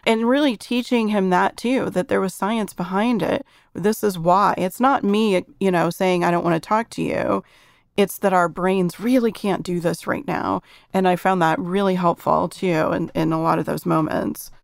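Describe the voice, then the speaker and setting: A woman's voice: lowish voice, fairly even intonation, normal speed, gravelly, hardly any pauses, no room sound, clean studio sound. A middle-aged woman explaining parenting ideas earnestly in a casual chat.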